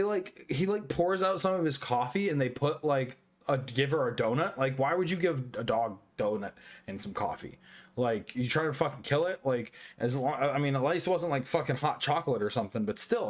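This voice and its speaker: A young man gives a tipsy, rambling review of an animated film. He swears constantly and trips over his own sentences, his voice sitting at an ordinary middle pitch. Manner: rambling, profane, many restarts and fillers. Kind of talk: drunk casual review monologue.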